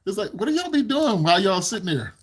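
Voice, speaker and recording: A man's voice: sits high, big pitch swings, fast talker, slightly rough. A man hosting a casual livestream, chatting with his viewers, giggling often and rambling as he repeats himself into a desk microphone. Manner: giggly, laughs often between sentences. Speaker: livestream host.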